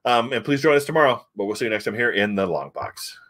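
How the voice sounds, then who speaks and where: A man's voice: mid-range voice, animated, quick pace, a bit bright. A man hosting a casual comic book review, recapping chattily with fillers.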